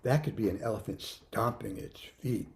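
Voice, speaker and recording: Speaking at normal speed in a lowish, creaky voice, a man guides young children in a music lesson. He counts the beats out loud, softens to quiet prompts, and patiently repeats his words.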